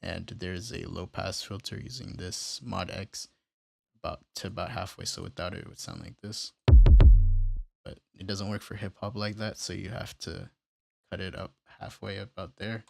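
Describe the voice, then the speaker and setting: A man casually walking through how he built a beat, step by step, in a relaxed, plain way. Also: deep voice, normal speed, creaky, soft background music. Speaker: music producer tutorial host. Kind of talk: casual screen-recorded tutorial.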